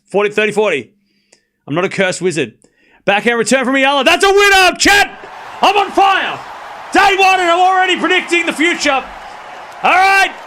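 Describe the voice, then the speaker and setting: Calling out the score and talking with his viewers, a high, bright-voiced man streams live tennis commentary. His pitch varies widely, and he becomes loud and excited at the big points.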